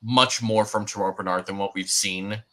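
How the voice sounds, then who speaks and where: A young man co-hosting a sports podcast, talking in a loose, rambling way with plenty of fillers. His voice is bright and forward. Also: lowish voice, fairly even intonation, moderate pace. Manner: rambling, many fillers and restarts. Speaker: podcast co-host. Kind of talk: casual sports chat.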